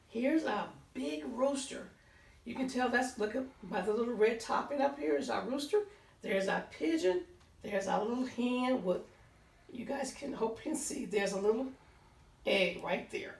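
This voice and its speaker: A woman reading a picture book aloud to children, pausing to point out pictures and count along. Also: fairly high pitch, lively intonation, gravelly. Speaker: storytime reader. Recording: roomy sound, voice distant from the mic.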